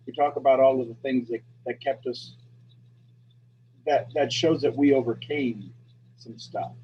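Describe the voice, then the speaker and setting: A man leading a group call who explains his point in a thoughtful, measured way. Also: mid-range voice, steady tone, slightly rough, muffled recording.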